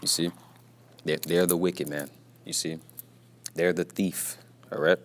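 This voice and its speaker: A man's voice: deep voice, flat delivery, a little slow, slight background noise. A man teaching a casual scripture lesson from his workplace, repeating himself and tagging his lines with "you see" and "man", and keeping his voice down at times. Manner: repetitive, peppers talk with "man" and "you see"; speaks quietly at times, mindful of being at work.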